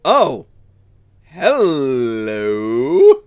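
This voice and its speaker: A male streamer with a mid-range voice talks extremely slowly over a game, his tone clean and free of echo. He's an animated, joking storyteller, rambling casually and telling jokey stories.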